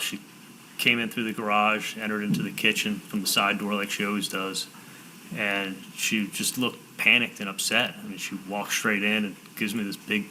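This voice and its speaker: A man testifying as a defendant in a courtroom, telling his story in halting sentences with repeated words and "I'm like" quotes. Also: fairly low pitch, pushed and bright, a little hiss or hum, poor audio.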